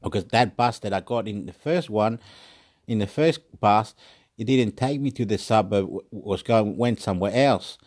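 A man's voice: on the low side, moderate pace, darkish tone. Australian man, casual solo chat, rambling and repetitive, swears freely. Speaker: vlogger.

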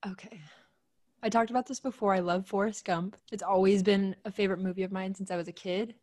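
A woman co-hosting a casual podcast, talking with a stuffy voice from a cold, chatty and quick to laugh. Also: medium pitch, steady tone, darkish tone. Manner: chatty, laughs easily, trails off searching for words. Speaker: podcast co-host. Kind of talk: casual chat.

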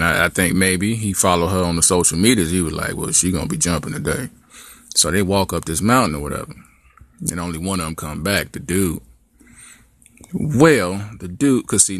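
A man hosting a podcast, telling a comic story in a casual, animated way with many asides. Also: low voice, dry recording. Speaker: podcast host.

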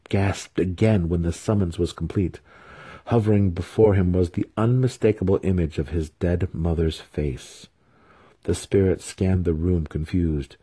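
A man narrating a fantasy novel as an audiobook reader, in a measured, even storytelling manner. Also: deep voice, slightly rough, no echo.

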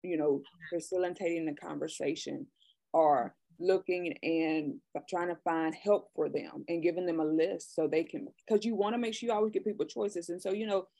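A woman's voice: lowish voice, steady tone, moderate pace, vocal fry, mellow, dry recording. A middle-aged woman hosting a casual talk show, speaking earnestly and often restarting her sentences. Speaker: podcast host. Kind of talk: casual conversation.

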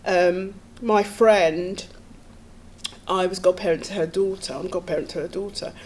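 A woman's voice: lowish voice, steady tone, measured pace. Earnest middle-aged woman recounting. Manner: earnest, tumbling, with nervous laughs. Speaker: podcast guest. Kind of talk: personal storytelling.

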